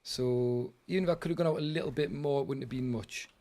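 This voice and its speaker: A man's voice: medium pitch, quick pace, a little mellow, a little hiss or hum. A British man streaming a game live, chatting with viewers and grumbling in exasperation. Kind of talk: live gaming commentary.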